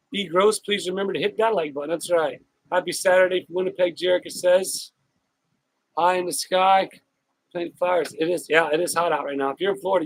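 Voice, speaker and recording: A man hosting a casual outdoor live stream, greeting viewers by name in a chatty, upbeat way with drawn-out shout-outs. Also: high-pitched, dry recording, poor audio. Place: outdoors on a hot day with a fan.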